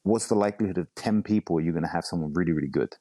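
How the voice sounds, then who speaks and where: A man from England with a London accent talks in a deep, low voice. He is a fighter telling stories in a relaxed, meandering way, dropping "you know" and "bro" as he goes. The sound is close and dry. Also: rapid-fire, no room sound. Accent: London English. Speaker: bare knuckle fighter and coach. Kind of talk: casual interview chat.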